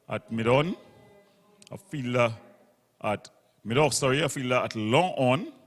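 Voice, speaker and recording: A man calling a local cricket match ball by ball, brisk and methodical as he walks through the field placings. His voice trails a long reverb. He sits at a mid pitch. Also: a bit bright. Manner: brisk, describes field placings, self-corrects. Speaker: cricket commentator. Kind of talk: live ball-by-ball commentary. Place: local cricket ground broadcast.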